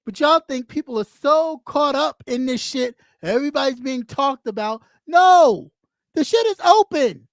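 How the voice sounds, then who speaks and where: Blunt, high-voiced woman ranting. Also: expressive, unhurried, dry recording, studio quality. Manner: blunt, profane, scolding; repeats lines for emphasis. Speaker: live stream host. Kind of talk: ranting live stream commentary.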